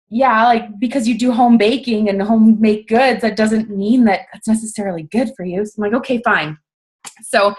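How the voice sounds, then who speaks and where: A young woman with a slightly high voice gives a casual motivational talk. She is chatty and self-mocking, says "like" again and again, and acts out little quotes as she goes. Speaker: guest speaker on a coaching team call.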